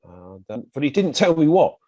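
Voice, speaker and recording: A man's voice: on the high side, normal speed, husky, dry recording, dull audio. A British man, a podcast guest, vividly retelling his story in casual conversation and acting out what others said. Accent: British English. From Britain. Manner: vivid retelling with acted quotes, animated bursts.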